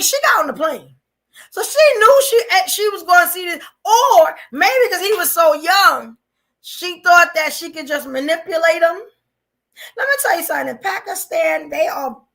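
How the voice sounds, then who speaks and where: A woman, hosting a live podcast and giving blunt, animated commentary with frequent laughter. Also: extremely high pitch. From New York. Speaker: podcast host.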